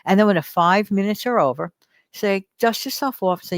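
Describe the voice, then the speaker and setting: A woman's voice: fairly low pitch, lively intonation, moderate pace, no room sound. An older woman hosting a casual advice vlog, talking in a chatty, encouraging way and now and then acting out whiny voices. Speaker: host.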